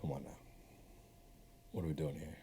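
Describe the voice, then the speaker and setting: A man's voice: a bass voice, level tone, moderate pace, dark tone, a little hiss or hum. A man co-hosting a podcast in casual chat, blunt and opinionated with dry putdowns. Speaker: podcast co-host.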